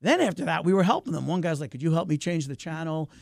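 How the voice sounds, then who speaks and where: Gravelly, animated man on a dry mic. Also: quick pace, no echo. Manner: animated, talkative, wide pitch swings. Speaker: filmmaker, guest. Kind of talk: casual interview talk.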